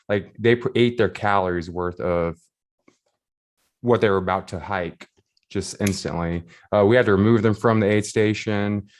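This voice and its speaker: A man with a very low, deep voice tells a loose, rambling story. He laughs through it and leans on plenty of fillers. He sounds like a volunteer recapping a race day. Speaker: race volunteer and shuttle driver.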